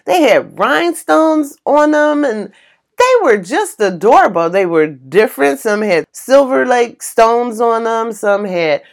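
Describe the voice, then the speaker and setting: Animated woman telling a story. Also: fairly high pitch, measured pace. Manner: animated, exclaiming, acts out quoted voices; emotional, tearful retelling. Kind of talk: casual personal story.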